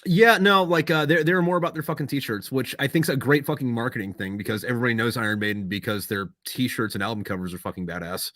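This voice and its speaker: This podcast host talks casually at a quick clip with hardly any pauses, swearing freely and explaining things at great length. His voice is medium-pitched with a fairly bright tone, and his manner is loose and profane.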